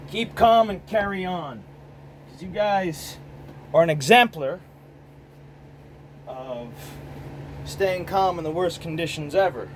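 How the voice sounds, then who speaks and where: A man's voice: high voice, slow, long pauses, a little hiss or hum, rough recording. An American man hosting his own casual vlog, rambling and profane, filmed on a phone. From United States. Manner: rambling, profane, many restarts. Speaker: host.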